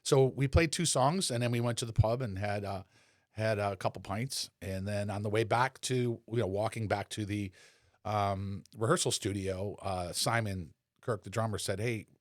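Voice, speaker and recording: A man in his sixties, a podcast guest and former rock bassist, telling relaxed, rambling anecdotes with lots of fillers. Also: moderate pace, no room sound, studio quality. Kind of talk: casual conversational storytelling.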